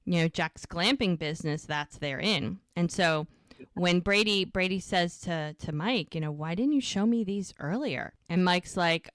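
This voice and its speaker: A woman's voice: lowish voice, normal speed, no echo, studio quality. A woman co-hosting a podcast, casually recapping episodes and acting out the characters' lines. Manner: retells scenes, acting out lines with "he goes". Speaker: podcast co-host.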